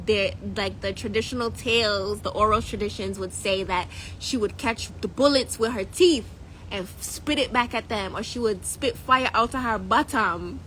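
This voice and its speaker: A young Jamaican-accented woman, a spiritual coach and YouTube host, tells history to her viewers in a casual, jokey, animated way, laughing often and slipping into patois. Her mid-range voice moves at normal speed on a low-quality recording with a little hiss or hum.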